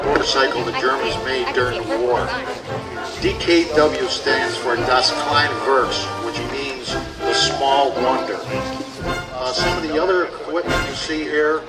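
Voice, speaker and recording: A man's voice: medium pitch, distant mic, poor audio. A man, a re-enactor, explaining old equipment to visitors at an outdoor event. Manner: informative, explains gear to visitors. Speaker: living history re-enactor. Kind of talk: explanatory talk to a crowd.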